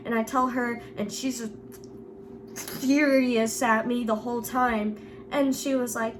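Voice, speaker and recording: A young woman with a high, bright-sounding pitch tells a story in a relaxed, chatty vlog manner. She giggles often and fills her sentences with casual fillers. A faint hum sits under her voice. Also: measured pace. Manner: giggly, laughs through the story. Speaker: vlogger.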